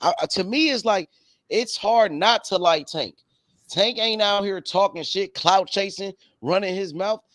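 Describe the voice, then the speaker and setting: A man's voice: high voice, a little slow, a bit bright, no room sound. A man in casual chat, emphatic, slangy and profane.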